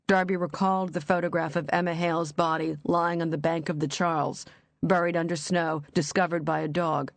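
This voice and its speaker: Thriller audiobook narrator, even measured reading, mid voice, super dry sound. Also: mid-range voice, gravelly, no echo.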